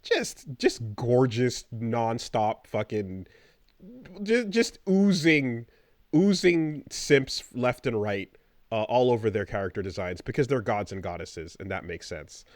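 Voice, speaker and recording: A man's voice: mid-range voice, animated, takes it slowly, dry recording, clean studio sound. A man co-hosting a podcast in casual chat, rambling and hesitant with lots of fillers. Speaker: podcast co-host.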